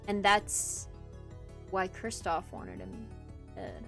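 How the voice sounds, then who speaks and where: A woman's voice: medium pitch, sing-song, slow, gravelly, pauses often, sharp tone, faint music behind. A young woman streaming a game, chatting to herself casually with giggles and swearing. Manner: giggly, swearing, self-talk.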